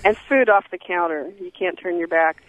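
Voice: mid-range voice, moderate pace, a bit bright, no echo. A caller phoning in to a radio show and plainly listing a dog's problems. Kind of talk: phone-in question. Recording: tinny phone line.

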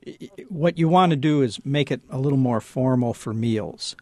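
A man who trains dogs, giving patient, halting advice to a caller on a radio call-in show in the studio. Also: mid-range voice, dark tone, no echo. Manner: halting, many restarts, patient explaining. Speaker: dog trainer, studio guest.

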